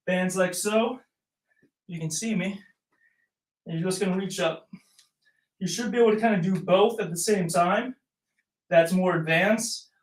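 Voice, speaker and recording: Male chiropractor, high voice, upbeat coaching, a bit out of breath, echoey room, mic far off. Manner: upbeat, coaching, talks while moving. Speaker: chiropractor demonstrating exercises. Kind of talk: instructional exercise demo.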